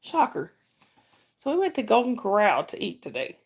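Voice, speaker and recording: A woman's voice: medium pitch, wildly swooping pitch, moderate pace, vocal fry, darkish tone, breathy edge. A woman from North Georgia with a Southern accent, chatting on a casual livestream, greeting viewers by name and laughing often. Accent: Southern American. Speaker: livestream host. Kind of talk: casual live-chat stream.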